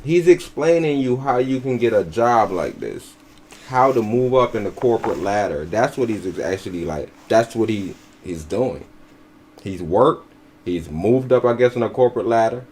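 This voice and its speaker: A man's voice: fairly low pitch, sing-song, moderate pace, darkish tone. Blunt, profane male podcast commentator. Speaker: podcast co-host. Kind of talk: casual commentary.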